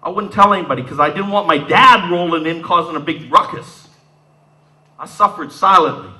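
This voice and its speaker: A man's voice: fairly high pitch, normal speed, sharp tone, low-quality recording. A man in his fifties from Southern Ontario, telling his life story in a talk, acting out the scenes in a streetwise way. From Southern Ontario, Canada. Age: 50s. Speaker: speaker giving a talk.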